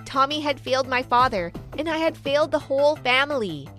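A woman narrates an animated first-person story with dramatic storybook flair. Her voice sits high. Faint music plays beneath her. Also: fairly quick.

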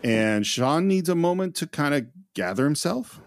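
A man's voice: fairly high pitch, lively intonation, normal speed, slight background noise. A man co-hosting a film podcast, thoughtfully analyzing characters in casual chat. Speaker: podcast co-host.

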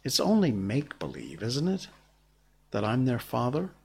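A man's voice: mid-range voice, huge pitch swings, normal speed, creaky, slightly rough, full character voice. A man reading aloud, raising his voice to play an earnest, puzzled young boy. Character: boy Peter, puzzled and boyish.

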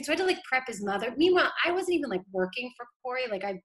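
A woman's voice: high-pitched, big pitch swings. Middle-aged boston woman, comms director, chatty, tons of "like" and "you know". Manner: chatty, many "like" and "you know" fillers, quick laughs. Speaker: city council communications director. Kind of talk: casual interview talk.

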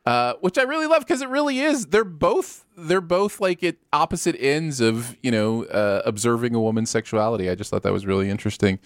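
A man's voice: mid-range voice, lively intonation, fairly quick, few pauses, no room sound, clean studio sound. A man hosting a casual podcast chat, laughing often as he talks. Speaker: podcast host.

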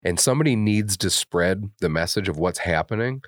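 Deep-voiced man, blunt and profane. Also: lively intonation, a little fast, no room sound, studio quality. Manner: blunt and heavily profane, openly emotional. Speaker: podcast co-host. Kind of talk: candid casual podcast chat.

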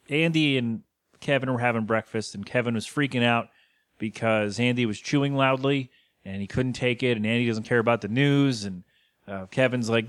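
A man co-hosting a podcast, casually recapping a cartoon episode with jokes and quick quoted voices. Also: mid-range voice, dry recording, studio quality. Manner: joking, retells scenes with quick put-on quotes. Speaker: podcast co-host.

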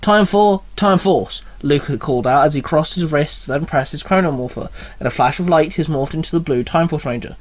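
A man's voice: fairly high pitch, a little fast, few pauses. A man reading a fan story aloud as narrator.

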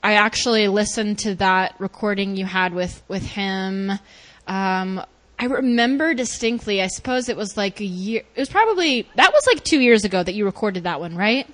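A young woman hosting a podcast in a casual, bubbly chat, laughing often and swinging her pitch widely. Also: animated, moderate pace, a bit bright. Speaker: podcast host and life coach.

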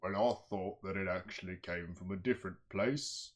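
A woman voicing a huge, easygoing male warrior with a put-on Scottish accent and a slow, low drawl.

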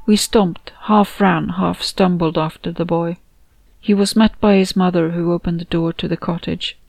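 A woman reading her own story aloud in a measured, steady storytelling voice. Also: fairly low pitch, vocal fry. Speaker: author and narrator. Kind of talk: audiobook narration.

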